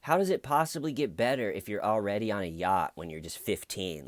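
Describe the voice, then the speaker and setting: A man with a very low voice chats through a true crime case in casual commentary. He rambles and drops wry jokes along the way. The sound is dry and close, with no room to it. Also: lively intonation, a little fast, few pauses, no room sound.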